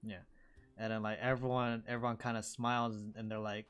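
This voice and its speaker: Relaxed man narrating as dungeon master. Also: lowish voice, a little fast, smooth. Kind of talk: narrating a tabletop game.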